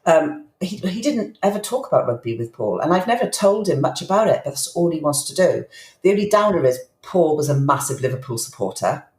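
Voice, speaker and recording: A middle-aged woman appears as a podcast guest, her deep, slightly mellow voice brisk and full of big pitch swings. Candid and reflective, she tells emotional personal stories and often restarts sentences. The room sounds echoey.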